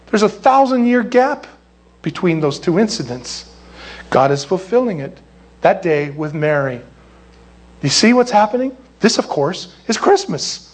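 A man preaching a sermon in an animated, jokey way, with acted asides. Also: sits high, husky. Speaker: pastor.

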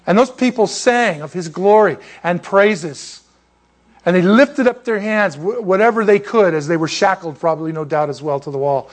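A man preaching a sermon as a pastor, telling stories in an animated, joking way and laughing at his own asides. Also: high voice. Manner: animated, jokey storytelling with laughs.

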